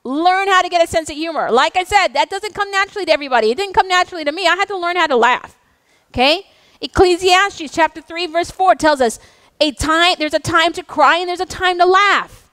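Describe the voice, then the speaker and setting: A high-voiced woman pastor of middle age delivers a brisk, fiery sermon in a church sanctuary, slipping in jokes at her own expense. The recording is dry and close-miked, with no room sound.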